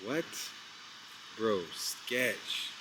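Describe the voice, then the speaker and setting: A young man vlogging outdoors at night, telling a story in a casual, excited, slangy way, rambling with lots of "like" and "bro". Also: fairly low pitch, drawn-out words. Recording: outdoor street noise with passing traffic.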